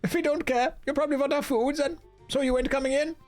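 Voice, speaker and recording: A man doing a shrill, paranoid villager. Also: animated, fairly quick, faint music behind. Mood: suspicious, shouting. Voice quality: shrill, squawking high voice. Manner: yelling, accusing, defensive. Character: jumpy, suspicious male villager hiding from vampires. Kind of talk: reading game dialogue aloud.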